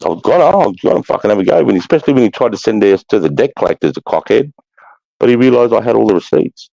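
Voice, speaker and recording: A man's voice: fairly low pitch, animated, rapid-fire, vocal fry, mellow, no echo, muffled recording. A man in his fifties with an Australian accent, rambling and swearing freely as he tells stories in a casual chat. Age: 50s. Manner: rambling, profane, blokey storytelling.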